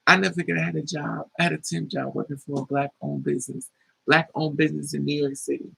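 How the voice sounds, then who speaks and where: A man's voice: fairly high pitch, fast, gravelly, slight background noise, rough recording. A man telling a personal story in a casual vlog, animatedly acting out other people's quoted lines and swearing freely. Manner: animated retelling that acts out quoted dialogue. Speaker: vlogger.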